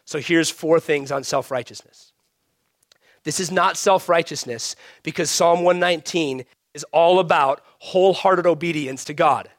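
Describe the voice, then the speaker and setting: A male pastor preaching a sermon, emphatic, swinging between raised emphasis and hushed, almost whispered lines. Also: fairly high pitch, unhurried, no room sound, studio quality.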